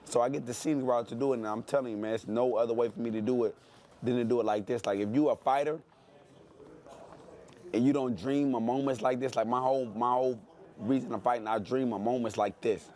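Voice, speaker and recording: Brash trash-talking boxer. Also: male voice, medium pitch, steady tone, brisk, dark tone. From Detroit, USA. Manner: brash, boastful trash talk with repeated phrases. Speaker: professional boxer. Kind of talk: animated interview talk.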